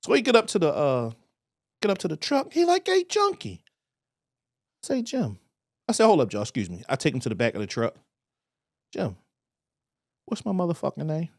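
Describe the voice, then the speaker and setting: A man with a Baltimore accent telling a profane, animated story on a casual podcast, acting out voices as he goes. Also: on the high side, brisk, creaky, long pauses, no echo, clean studio sound. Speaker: podcast co-host.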